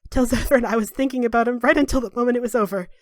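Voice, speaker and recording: A woman voicing a weary young male archer in a tabletop game, speaking quietly and with resignation, in a dry room. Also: on the high side, very fast, no room sound, voice pushed up, natural voice. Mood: resigned.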